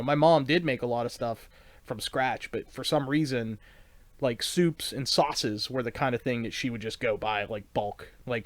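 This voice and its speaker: A man's voice: mid-range voice, no room sound. A man from the United States, a podcast guest, chatting in an easygoing, storytelling way. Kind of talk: casual chat.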